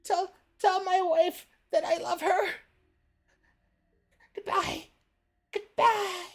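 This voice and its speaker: A woman doing a pinched, strained falsetto impression of a furry red puppet monster who talks about himself in the third person, during gaming livestream commentary. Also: fairly even intonation, slow. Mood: strained silly.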